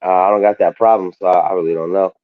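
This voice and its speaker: A man's voice: low voice, steady tone, fast, no echo, narrow, tinny audio. A man from California, a guest on a casual podcast, blunt and laid-back. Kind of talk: casual group chat.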